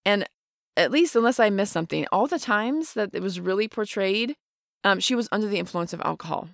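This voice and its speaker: A woman's voice: medium pitch, expressive, brisk, gravelly, no echo, clean studio sound. A middle-aged woman co-hosting a parenting podcast, talking earnestly and emphatically, explaining points with everyday examples. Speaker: podcast co-host. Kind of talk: casual parenting chat.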